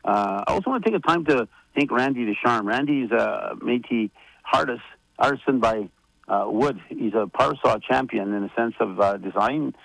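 Gravelly, halting man on the radio. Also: medium pitch, a bit bright, no room sound, rough recording. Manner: rambling, halting with many fillers and restarts. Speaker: federation leader giving updates on radio. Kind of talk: casual radio chat.

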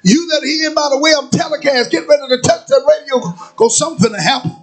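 A man preaching a sermon, using call-and-response and chanting as his preaching builds to shouts in a church sanctuary. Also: extremely high pitch, quick pace. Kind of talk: whooping sermon.

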